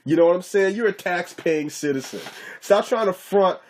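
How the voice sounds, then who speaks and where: A man's voice: sits high, moderate pace, a little hiss or hum. A man giving a casual, profane ranting commentary to camera, mocking his target and often asking if you get what he's saying. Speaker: YouTube commentator.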